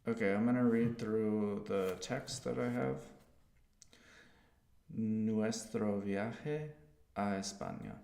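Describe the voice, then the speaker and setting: A man streaming himself learning a language, talking in a slow, hesitant way with fillers. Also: on the low side, creaky, dark tone. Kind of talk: casual live stream commentary. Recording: roomy echo.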